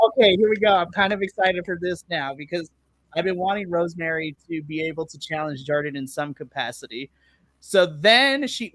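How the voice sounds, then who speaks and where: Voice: medium pitch, a bit bright, dry recording. Chatty, laughing podcast co-host, dry close sound. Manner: chatty, laughs often, acts out own reactions. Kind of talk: casual wrestling recap. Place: remote live stream.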